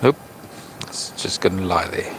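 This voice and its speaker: A South African man vlogging outdoors at an estuary, speaking earnestly and with feeling, slowing down to stress his points. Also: low voice, noisy background. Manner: earnest, impassioned, slow when stressing points. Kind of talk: outdoor vlog commentary.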